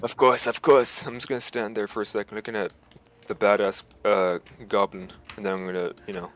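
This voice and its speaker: A man's voice: lowish voice, steady tone, fairly bright tone. A man playing a tabletop game, joking and swearing in casual table chat. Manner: joking, profane, drawn-out. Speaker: player.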